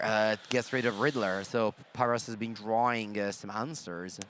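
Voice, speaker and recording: A man's voice: lowish voice, steady tone, moderate pace, fairly bright tone, a little hiss or hum. A man giving live color commentary on a card game, explaining plays analytically and thinking aloud with frequent fillers.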